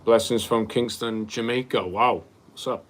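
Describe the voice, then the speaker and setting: A young man from Wales, hosting a casual livestream, reading out viewer comments and answering them in a relaxed way, calling people bro. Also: lowish voice, moderate pace, a little hiss or hum. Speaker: livestream host.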